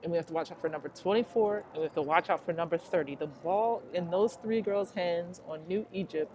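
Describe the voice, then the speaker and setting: A woman doing play-by-play for a high school basketball game, nervous and excitable, chatting to listeners between plays. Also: fairly quick. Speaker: play-by-play announcer. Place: school gym during a game. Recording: noisy gym sound. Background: crowd ambience and bouncing basketballs.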